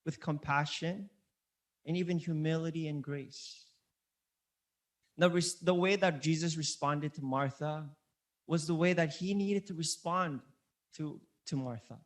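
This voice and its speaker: Speaking a little slowly in a slightly high voice, a male pastor delivers an earnest sermon in a conversational style. He keeps restarting and repeats key words to drive points home.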